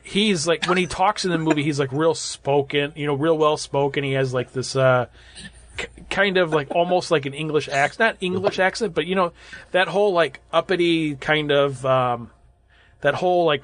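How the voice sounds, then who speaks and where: A man's voice: fairly high pitch, normal speed, fairly bright tone. A man in his thirties or forties, a podcast co-host reviewing a horror film in a rambling, casual way with lots of fillers and restarts. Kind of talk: casual movie review chat.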